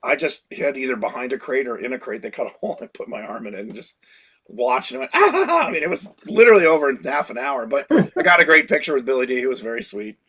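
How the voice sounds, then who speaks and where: A man in his sixties, a creature designer, telling lively anecdotes in a casual interview and slipping into impressions of people. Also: medium pitch, fast talker, husky.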